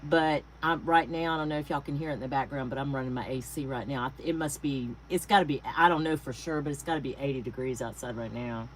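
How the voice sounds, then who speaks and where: A woman's voice: very deep voice, quick pace, hardly any pauses, poor audio. A middle-aged woman from Texas with a Southern accent, chatting casually with livestream viewers and greeting them by name. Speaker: craft livestream host. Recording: faint air conditioner hum.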